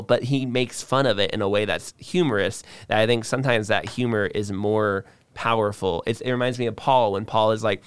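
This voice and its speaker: Man, podcast co-host, casual discussion, resonant voice, low pitch, thoughtful rambling. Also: fairly quick, hardly any pauses, clear, resonant tone, dry recording. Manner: thoughtful, explains at length with restarts.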